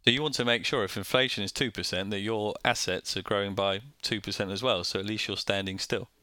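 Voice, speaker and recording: A Northern English man talks through a point in a plain, easygoing way, keeping things simple and slipping in a joke. His voice is low and bright. It sits close and dry on a studio mic. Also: steady tone, brisk, no room sound. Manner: plain-spoken, joking, explains simply. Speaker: co-host. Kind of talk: casual explanatory chat.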